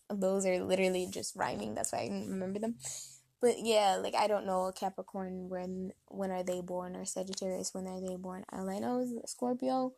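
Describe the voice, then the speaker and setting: A young woman vlogging in a casual, rambling chat, talking fast with lots of fillers. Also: medium pitch, creaky, darkish tone. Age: young adult. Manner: fast, filler-heavy, chatty and nosy.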